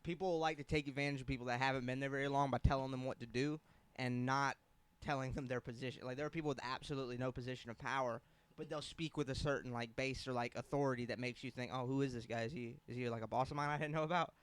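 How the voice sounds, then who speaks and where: A man's voice: medium pitch, steady tone, clear, resonant tone. Young man telling a rambling story. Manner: rambling, crude, drawn-out. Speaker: podcast co-host. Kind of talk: casual storytelling.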